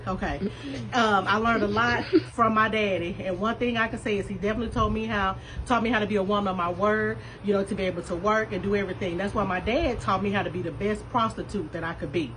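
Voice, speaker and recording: A woman's voice: medium pitch, steady tone, fast talker, a bit bright. Playful woman, noisy home recording. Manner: playful, straight-faced teasing. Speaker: daughter pranking her father. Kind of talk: mock scholarship speech.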